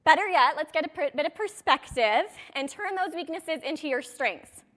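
A woman's voice: high voice, expressive, moderate pace, fairly bright tone. A woman in her thirties coaching a direct sales audience in a chatty motivational talk, with rambling, self-deprecating asides.

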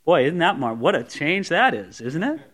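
A man's voice: on the high side, big pitch swings, moderate pace, fairly bright tone. A man preaching a sermon to a congregation, talking conversationally and acting out objections from listeners. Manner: conversational, voices imagined objections. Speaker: pastor. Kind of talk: expository sermon. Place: church service before a congregation.

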